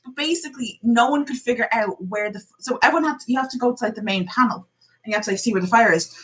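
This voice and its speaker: A woman's voice: a little high, racing, fairly bright tone. An Irish woman in casual chat, telling stories animatedly, acting out what people said and laughing often. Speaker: vlogger telling stories to family.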